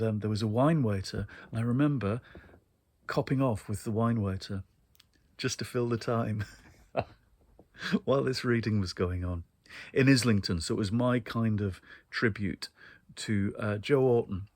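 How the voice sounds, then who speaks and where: A show host from northeast England tells wry, chatty stories about book events in a casual anecdotal monologue, laughing often and saying "um" a lot. His voice is lowish and a little mellow, his pace measured.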